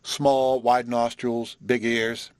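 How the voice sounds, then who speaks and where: A man's voice: medium pitch, level tone, takes it slowly, clean tone, dry recording, close to an everyday voice. A man reading a prim, lecturing young prodigy. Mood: indignant. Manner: formal, lecturing, indignant. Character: earnest, prim young male intellectual prodigy.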